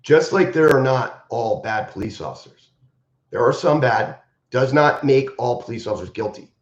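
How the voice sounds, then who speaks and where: A man who teaches martial arts speaks on a live stream in an impassioned, emphatic monologue and drives his points home by repeating them. His voice sits at a middle pitch. The audio is roomy and dull, like lo-fi stream sound. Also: expressive, moderate pace.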